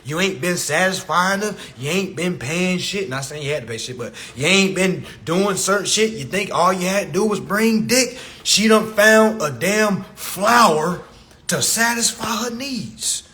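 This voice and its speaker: A man's voice: high voice, a little slow. A man talking on a phone live stream in a casual rant, speaking to viewers directly and acting out what others say. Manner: animated, addresses viewers as y'all, acts out others.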